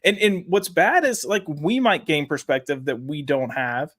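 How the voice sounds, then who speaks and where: A man talking as a guest in a casual chat, earnest and halting, often repeating words. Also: a little high, fairly bright tone.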